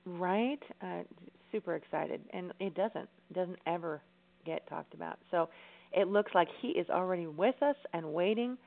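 Cohost lady, upbeat and encouraging, lots of vocal fry, tinny line. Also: on the low side, normal speed. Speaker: podcast co-host. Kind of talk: casual radio chat. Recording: phone-like call-in audio.

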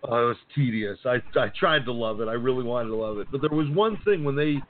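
A man co-hosting a podcast in casual chat, animated and profane, often acting out quotes. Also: medium pitch, quick pace. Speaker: podcast co-host. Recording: tinny phone-like sound.

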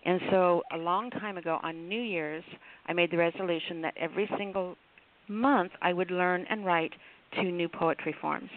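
A man with a notably high voice hosts a call-in radio show, drifting through his thoughts in a loose, chatty ramble. His voice comes through thin and tinny, like a phone line. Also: fairly even intonation, moderate pace. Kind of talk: casual on-air chat.

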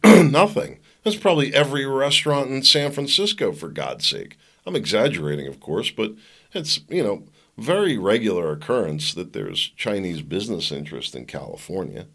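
Deep-voiced with vocal fry, this podcast host sounds bright and forceful as he riffs solo in a casual way. He keeps throwing in sarcastic jokes and asides.

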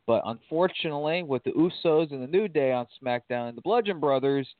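A man's voice: medium pitch, no room sound. A man co-hosting a casual wrestling talk podcast, opinionated and blunt. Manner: opinionated, swears casually, laughs along. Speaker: podcast co-host. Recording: tinny phone-like line, dry.

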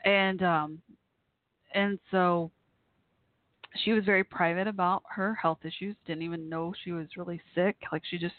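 A woman hosting a call-in talk show, speaking haltingly through tears with many fillers and restarts. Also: lowish voice, steady tone. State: near tears. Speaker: host. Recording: tinny phone-line audio.

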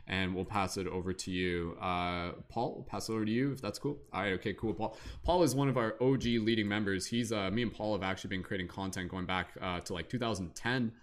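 A man hosts a live online panel at a rapid clip, his voice sitting on the low side. He rambles casually and enthusiastically, tossing in "like" and restarting his sentences. He is heard over a video call.

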